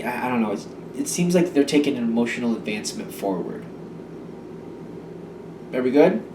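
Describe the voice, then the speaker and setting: A man's voice: on the high side, darkish tone, slight background noise. A man giving a casual tarot reading, rambling and hesitant, with many fillers and restarts. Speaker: tarot reader. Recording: echoey room, voice from a distance.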